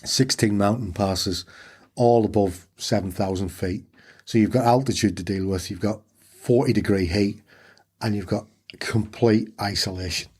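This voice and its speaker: A man with a Yorkshire accent and a lowish, slightly rough voice speaks at a moderate pace as a podcast guest in a personal storytelling interview. He's an animated storyteller who acts out the dialogue as he tells his story.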